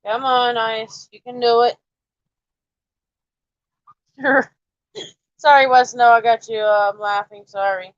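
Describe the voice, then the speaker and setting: A woman's voice: on the high side, steady tone, takes it slowly, pauses often, no echo, highs cut off. Drawling woman on a livestream. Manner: coaxing and teasing, drawling. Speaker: livestream host. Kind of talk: casual live-stream chat with viewers.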